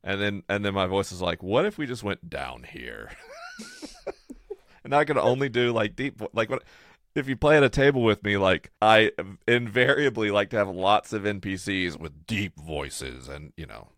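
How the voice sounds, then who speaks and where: A man co-hosting a podcast in casual, playful chat, often trailing off low and quiet at the ends of phrases. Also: moderate pace, dry recording, clean studio sound. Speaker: podcast co-host.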